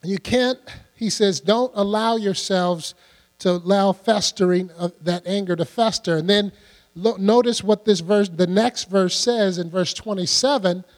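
A man's voice: high-pitched, measured pace. An older man preaching a sermon in a conversational way, often putting questions to his listeners. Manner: conversational, asks the congregation questions. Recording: long hall reverb with mains hum.

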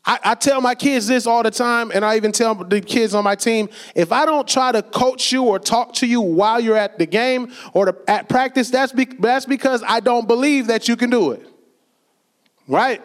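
With an extremely high pitch and a moderate pace, a pastor gives a chatty sermon. He weaves in stories and acted quotes, breaking into a laugh now and then.

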